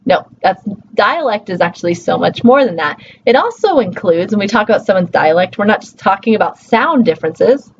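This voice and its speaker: A woman's voice: medium pitch, sing-song, brisk. Woman lecturer, informal and chatty, slightly dull recording with faint hum. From Colorado, USA. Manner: conversational, many fillers and checks like "right?". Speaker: linguistics teacher.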